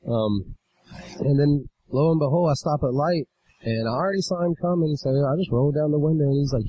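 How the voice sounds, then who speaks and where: A man's voice: a little high, fairly quick, rough recording. Brief: man, casual podcaster, profane storyteller, drifts off-mic, faint noise behind. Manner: profane storyteller, animated when retelling a quarrel. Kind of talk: casual chat. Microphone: drifts from the mic at times.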